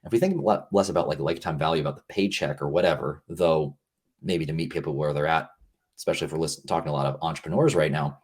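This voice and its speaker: A man with a low, husky voice chats as a guest on a podcast. He talks in a casual, earnest way and rambles with plenty of fillers and restarts. His deep tone and slightly rough texture stay with him the whole time. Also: fast talker, a little mellow.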